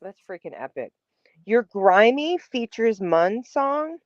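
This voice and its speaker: A woman's voice: fairly high pitch, sing-song, takes it slowly, dry recording, dull audio. A woman hosting a podcast interview, bubbly, laughing often and swearing casually. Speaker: podcast host.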